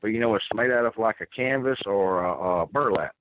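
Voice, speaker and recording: A man's voice: on the low side, a little fast, dry recording. A man telling a first-person story, rambling and earnest with many restarts. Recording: tinny phone line.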